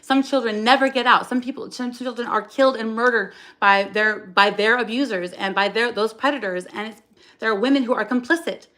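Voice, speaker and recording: Woman host talking into her phone on a livestream, blunt and cursing, with a slightly high voice. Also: fairly even intonation, a little fast, pushed and bright. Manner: raw, blunt and profane, with frequent restarts. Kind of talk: emotional livestream monologue.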